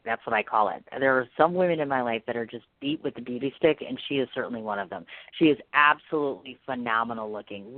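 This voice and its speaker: Woman podcast host, gushing, rapid delivery, tinny phone-quality audio. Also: a bass voice, no room sound. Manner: effusive, gushing. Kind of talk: interview podcast. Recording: phone-like line, dry.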